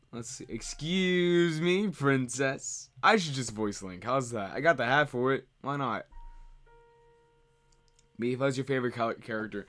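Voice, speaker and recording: A man's voice: medium pitch, fairly bright tone. A man streaming, chatting casually and rambling as he answers viewer questions. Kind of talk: casual livestream chat.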